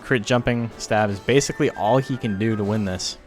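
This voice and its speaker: Young man, low voice, profane, rambling stream commentary, faint music behind. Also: fairly quick. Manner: profane, rambling, chatty asides. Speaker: streamer hosting a game tournament. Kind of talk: casual live-stream commentary.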